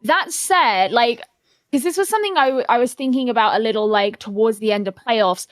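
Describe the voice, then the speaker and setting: Woman co-host on an esports show, chatty, voice a bit high, dry mic. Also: fairly quick, no room sound. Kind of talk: casual esports chat.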